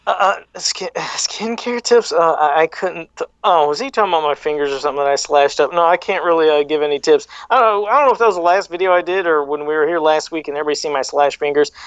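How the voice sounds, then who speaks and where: Man, co-host, rapid rambling chat, dull dry lo-fi sound. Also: on the high side, clean tone, dry recording. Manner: fast talker, rambling. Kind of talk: casual livestream chat.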